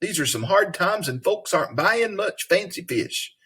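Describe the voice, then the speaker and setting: A man reading as a worried, husky working mother. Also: high-pitched, lively intonation, normal speed, sharp tone, pitched above the performer's own voice, full character voice. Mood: worried, earnest. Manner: earnest, read aloud from a storybook.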